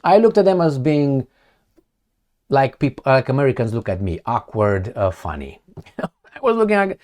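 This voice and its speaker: A man's voice: medium pitch, very animated, normal speed, darkish tone. A man giving blunt, sarcastic political commentary with some swearing, talking straight to the viewer. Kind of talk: opinionated commentary monologue.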